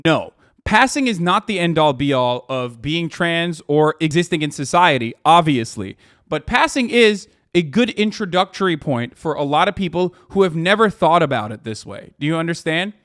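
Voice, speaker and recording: High-voiced man ranting profanely. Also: sing-song, normal speed, a bit bright, no room sound, clean studio sound. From United States. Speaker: streamer host. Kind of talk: casual reaction commentary.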